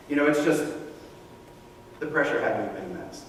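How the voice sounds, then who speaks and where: A male pastor preaching a sermon, telling the story in a conversational, animated way with casual asides. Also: fairly high pitch, brisk. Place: church sanctuary. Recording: echoey hall, mic far from speaker, faint room noise.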